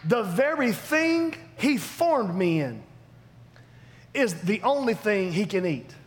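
A man preaching a sermon, animated and emphatic, swinging between loud declarations and hushed asides. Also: sits high, slow. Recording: long hall reverb, faint background noise.

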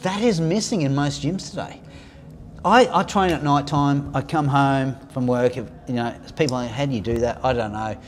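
A man's voice: medium pitch, normal speed, a little hiss or hum. A man hosting a casual chat, often agreeing and restarting his sentences. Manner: chatty, frequent agreeing interjections, stammering restarts.

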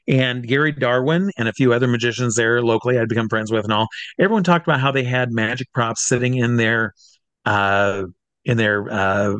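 A man telling a long, animated story in casual conversation, acting out what other people said along the way. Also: mid-range voice, a little fast, dry recording. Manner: animated anecdotes with acted-out quotes. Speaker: guest.

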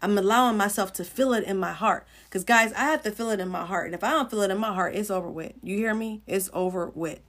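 Talking at a quick pace with hardly any pauses, a woman with a mid-range, slightly bright voice preaches informally on a livestream. This middle-aged Christian host is earnest and conversational, welcoming viewers by name.

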